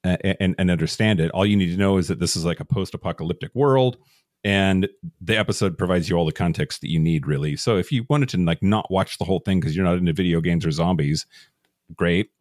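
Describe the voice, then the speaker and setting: Chatty low-voiced man co-hosting a podcast. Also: fast talker, darkish tone, no echo, clean studio sound. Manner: laughs often, chatty with fillers and restarts. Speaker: podcast co-host. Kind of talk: casual podcast chat.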